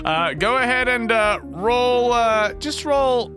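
A man's voice: extremely high pitch, expressive, slow, sharp tone, faint music behind. A man hosting a podcast and running a tabletop game as game master, in a casual, laughing way full of fillers.

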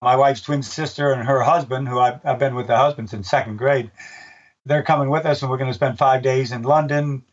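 An older man, a race announcer, chatting in an interview and acting out his own shouts as he tells stories. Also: medium pitch, a little fast, far from the mic, dull audio. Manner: animated storyteller, acts out his own shouts. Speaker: race announcer and book author. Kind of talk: casual interview chat.

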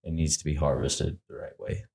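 A man's voice: rumbling low, moderate pace, creaky. A man, a hunting guide, telling a story casually and acting out the lines he and others said. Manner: animated, acts out his own quoted lines. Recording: roomy echo.

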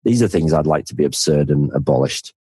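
A husky Northern English man with an extremely low, warm voice chats animatedly and fairly quickly in a dry recording. He's a financial planner guesting on a podcast, talking casually in an interview, self-deprecating and quick to laugh.

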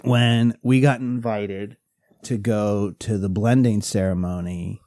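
A man's voice: lowish voice, fairly even intonation, slow, warm tone, no echo, studio quality. A man co-hosting a podcast in casual chat, rambling and restarting as he goes. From Pennsylvania. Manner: rambling, restarts often, laughs while telling stories. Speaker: podcast co-host.

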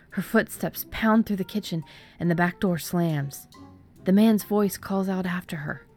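A woman reading a first-person short story aloud, soft and dipping into whispers. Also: fairly low pitch. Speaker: narrator. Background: faint background music.

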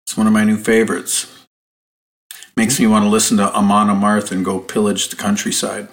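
A man's voice: fairly low pitch, completely flat delivery, fairly quick. A man co-hosting a casual podcast, dropping dry wisecracks. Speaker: podcast co-host. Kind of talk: casual chat.

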